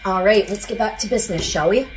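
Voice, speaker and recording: A woman's voice: medium pitch, fast talker, slight background noise, low-quality recording. A woman giving a casual psychic channeling reading to her viewers, chatty and rambling with lots of filler words and side notes.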